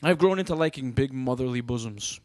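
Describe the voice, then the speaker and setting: A man's voice: mid-range voice, animated, brisk, darkish tone. A man co-hosting a podcast, talking bluntly and crudely and teasing his friends. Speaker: podcast co-host. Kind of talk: casual crude banter.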